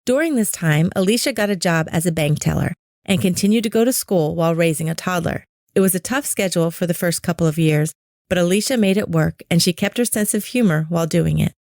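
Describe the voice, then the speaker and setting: A woman narrator reading scripted true-crime narration at a steady, even pace. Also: on the low side, fast talker, no room sound, clean studio sound.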